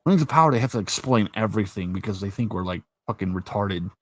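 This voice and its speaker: A man's voice: on the low side, fast talker, dry recording. A man hosting a casual chat, retelling scenes with lots of swearing and laughter. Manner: animated storyteller, swears freely, laughs often. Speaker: host.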